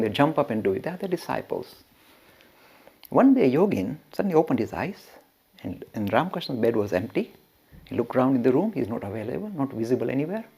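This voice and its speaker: A man who teaches religion, telling a story as a lecture with animated asides and frequent chuckles. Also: mid-range voice, gravelly, husky. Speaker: religious educator.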